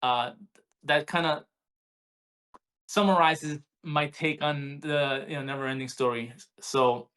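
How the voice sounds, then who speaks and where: A man in his forties, co-hosting a podcast, telling a story in a casual, animated way with many restarts. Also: on the high side, unhurried, long pauses, smooth. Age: 40s. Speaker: podcast co-host. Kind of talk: casual chat.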